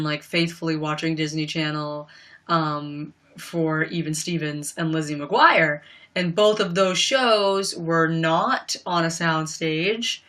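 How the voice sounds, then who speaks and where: Young woman, home livestream chat, lowish pitch, bright and punchy, rambling and laughing. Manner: chatty and rambling, many fillers and frequent laughs.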